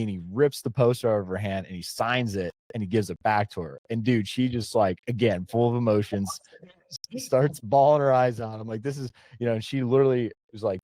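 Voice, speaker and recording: Low, mellow-voiced man telling a story. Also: brisk, no room sound. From Pennsylvania. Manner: rambling storyteller, many restarts and "like"s. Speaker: podcast host. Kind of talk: casual podcast chat.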